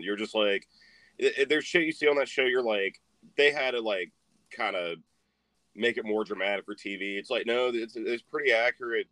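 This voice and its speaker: A man's voice: fairly low pitch, pushed and bright, no room sound. A young man in casual chat, rambling and profane, laughing as he retells a story and acting out the voices in it.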